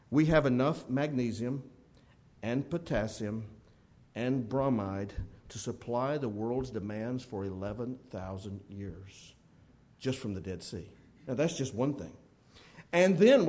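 A man preaching a sermon as a Baptist preacher, telling stories with loud emphasis and dropping to low asides.

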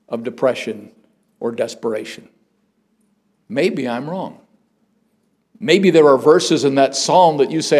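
A man's voice: medium pitch, darkish tone. A man preaching a sermon, earnest and conversational, often asking his listeners rhetorical questions.

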